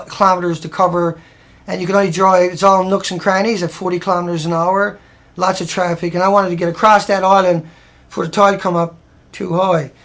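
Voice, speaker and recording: Gravelly-voiced man rambling over photos. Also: sits high, fairly bright tone. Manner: rambling, plain-spoken, restarts often. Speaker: presenter walking viewers through photos. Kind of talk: casual talk over a slideshow.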